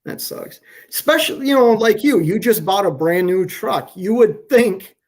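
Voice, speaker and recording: A man trucker chatting casually on a live stream from a hotel room, talking in slow, halting phrases with frequent restarts. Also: high voice, animated. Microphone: phone on hotel wifi.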